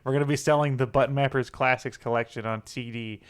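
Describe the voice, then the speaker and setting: A man's voice: mid-range voice, steady tone, quick pace, clean tone. A young man co-hosting a casual gaming podcast, joking and laughing as he rambles. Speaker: podcast co-host.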